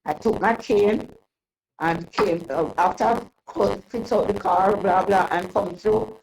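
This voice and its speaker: An older woman telling a long personal story in an interview, rambling and halting with many restarts. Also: medium pitch, steady tone, vocal fry, a little mellow, low-quality recording. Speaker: interview guest. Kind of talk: casual storytelling.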